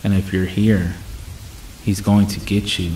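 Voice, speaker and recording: A man playing a beaten and defeated man, faint, strained, low-pitched, flat, horror story. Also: measured pace, roomy sound, distant mic, slight background noise, poor audio. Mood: weak, grim. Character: weak, badly beaten adult man, defeated.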